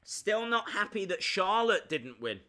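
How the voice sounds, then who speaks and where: Man, live reaction commentary, high voice, unhurried, chatty and excitable. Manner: chatty, excitable, jokey asides.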